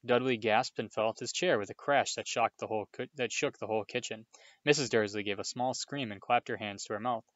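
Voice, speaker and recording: A man reading a chapter book aloud to a listener, relaxed with informal asides. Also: lowish voice, a little fast, dry recording, highs cut off. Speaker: reader.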